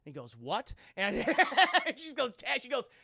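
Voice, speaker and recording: Young male streamer, high-pitched, profane, animated recap delivery. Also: normal speed, gravelly, no room sound, studio quality. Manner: profane, excitable, acts out quotes in loud voices. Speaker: streamer reviewing a film. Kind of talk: animated scene-by-scene film recap to live chat.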